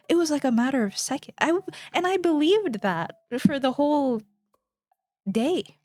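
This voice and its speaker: A woman's voice: on the high side, darkish tone. A young woman streamer chatting casually with her viewers, rambling, giggling and trailing off mid-sentence. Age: young adult.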